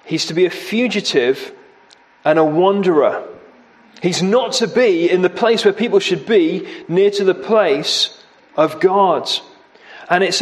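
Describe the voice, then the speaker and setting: A man delivers a sermon at an unhurried pace. His voice sits a little high for a man. He speaks gravely and leans on key words by repeating them. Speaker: preacher.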